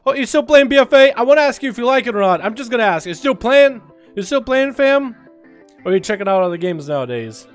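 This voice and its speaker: A man's voice: very high-pitched, very animated, quick pace, clear, resonant tone, soft background music. A man streaming a game, chatting casually with viewers, greeting them by name, teasing and swearing. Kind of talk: casual livestream chat.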